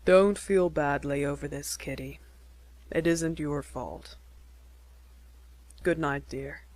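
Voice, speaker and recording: A woman reading as an earnest young man, speaking low and tender in a slightly altered voice. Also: slow, darkish tone, no echo.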